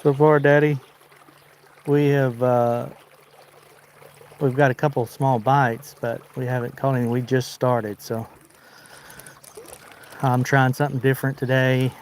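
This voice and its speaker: A man's voice: medium pitch, flat delivery, a little slow, pauses often, a little mellow, slight background noise. A man with a Southern American accent from Arkansas, chatting casually on a fishing livestream while wading a river and answering viewers. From Arkansas, United States. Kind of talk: casual live-stream chat. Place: outdoors wading in a river under a bridge.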